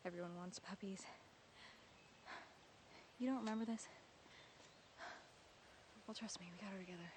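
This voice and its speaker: Lead: young woman after a breakup, played by an actress, wry and defensive, halting phone talk, mid-range voice. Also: mid-range voice, fairly even intonation, noisy background, close to an everyday voice. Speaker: lead character in a short film. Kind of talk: naturalistic film acting.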